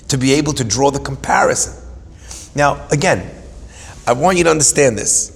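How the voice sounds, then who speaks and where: A man giving an animated Torah class, telling stories with humorous asides and dramatic emphasis. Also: mid-range voice, husky, big-room sound. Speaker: Torah teacher.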